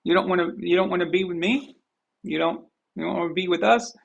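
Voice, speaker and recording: A man's voice: sits high, brisk, gravelly, muffled recording. An American man hosting a live show, talking bluntly in a rambling, casual rant that repeats and restarts. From United States. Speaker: host of a sports live show.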